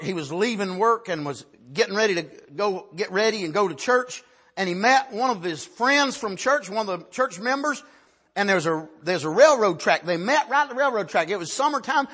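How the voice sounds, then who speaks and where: Impassioned preacher, a man with a high, bright, husky voice, who swings from hushed asides to shouted exhortation and keeps punctuating with "Amen.". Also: expressive, moderate pace. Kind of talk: sermon.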